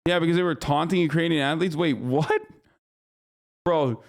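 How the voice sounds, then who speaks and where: A man's voice: a little high, normal speed. A man streaming live, giving casual, profane and incredulous commentary as host.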